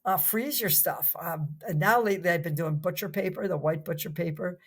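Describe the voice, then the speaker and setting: A woman's voice: on the low side, a little fast, breathy edge. An older woman from New Jersey, a podcast guest chatting casually, enthusiastic and rambling, full of restarts. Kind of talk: casual chat.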